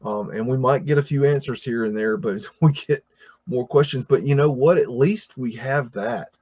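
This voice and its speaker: A man's voice: mid-range voice, moderate pace, a little mellow. An American man hosting a casual livestream, talking through chat comments in a rambling way, with many fillers and restarts. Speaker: livestream host reading chat.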